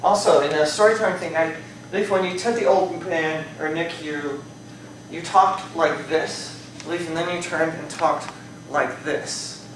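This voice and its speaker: A man's voice: on the high side, fairly even intonation, moderate pace, recorded from a distance, noisy background. Man evaluating a speech in an echoey room. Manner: conversational, hedges often with "I think" and "you know". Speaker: speech evaluator at a speaking club. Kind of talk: spoken speech evaluation to a live audience. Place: club meeting room.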